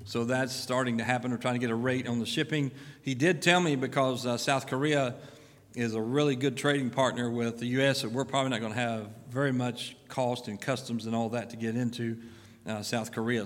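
Middle-aged pastor, folksy and filler-heavy, mid-pitched, recorded in a reverberant sanctuary. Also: male voice. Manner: folksy, filler-heavy, lively rises of emphasis. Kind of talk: church announcements and sermon. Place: church sanctuary. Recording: long church-hall reverb.

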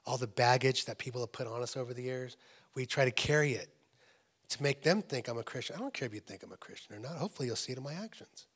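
A middle-aged man preaching a sermon as a guest pastor at a church service. He repeats phrases for emphasis and swings between urgent, raised points and hushed, near-whispered moments. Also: mid-range voice, lively intonation, fast, breathy edge.

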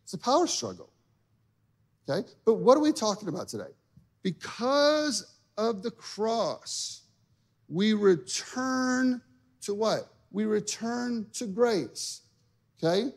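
A man's voice: high voice, animated, slow, creaky. A man, a pastor in his younger adult years, preaching a sermon in a conversational, joking way and acting out people's inner thoughts.

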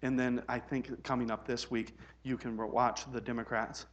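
A man from the United States preaching a sermon in a conversational way, rising to loud, emphatic peaks. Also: medium pitch, little pitch movement, normal speed, highs cut off. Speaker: pastor.

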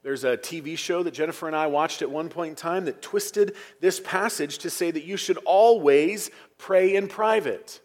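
A man's voice: a little high, normal speed, hardly any pauses. A man preaching a Sunday sermon as pastor, earnest and emphatic, stressing key phrases and sometimes dropping to a near whisper. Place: church sanctuary.

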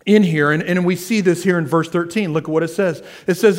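A man's voice: sits high, fairly quick, hardly any pauses. A man preaching a sermon as pastor, asking the crowd questions and answering them himself, repeating key phrases. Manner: repetitive, asks the crowd questions then answers.

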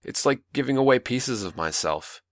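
A man's voice: medium pitch, lively intonation, normal speed, no echo, voice pushed up, natural voice. A man playing a bitter, wounded young man who talks resentfully and swears, in a dry close recording.

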